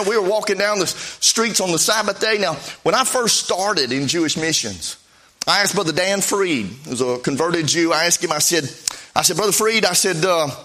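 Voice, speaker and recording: Folksy, bright-voiced Baptist preacher man. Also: sits high. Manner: folksy, animated storytelling with acted quotes. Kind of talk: storytelling sermon.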